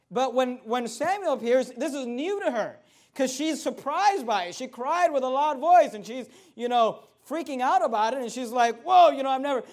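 A preacher with a notably high-pitched man's voice works through a Bible passage in sermon style. He is emphatic, swinging from loud, lifted declarations to quiet asides, and he keeps pressing his listeners with rhetorical questions. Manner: emphatic, rises and falls sharply in loudness, rhetorical questions.

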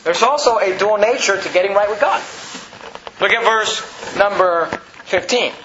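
A man preaching a sermon as pastor, building to emphatic shouts, recorded in a church. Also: high voice, slight background noise. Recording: echoey room, dull lo-fi sound.

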